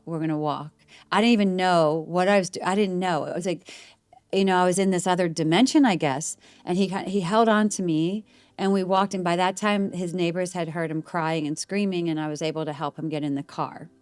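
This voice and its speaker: A middle-aged woman with a lowish voice tells a long personal story in a relaxed interview. She rambles, restarts her sentences and acts out what people said. The sound is close and dry, with no room around it. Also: clear, resonant tone, dry recording. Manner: rambling, animated retelling with restarts and quoted voices. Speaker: guest.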